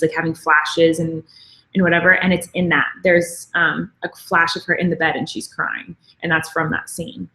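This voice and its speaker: A woman's voice: lowish voice, fairly bright tone, reverberant, rough recording. A woman chatting casually on a live stream, gushing and rambling with lots of filler words. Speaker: vlogger and show creator.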